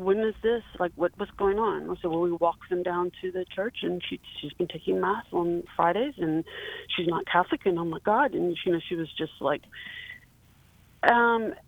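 A woman in her fifties from South Carolina calling in to a show, telling a personal story haltingly with many fillers and restarts. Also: on the low side, vocal fry, no echo. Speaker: caller. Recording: tinny phone line.

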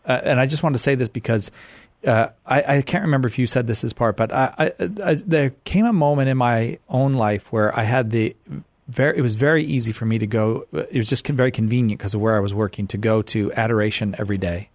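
A man hosting a radio call-in show, talking to callers in a friendly, halting way full of fillers. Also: medium pitch, no echo.

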